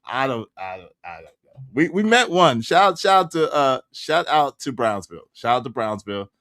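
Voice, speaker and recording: A man hosting a casual reaction livestream, loud and slangy, laughing often. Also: medium pitch, big pitch swings, normal speed, no echo, clean studio sound. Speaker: livestream commentary host.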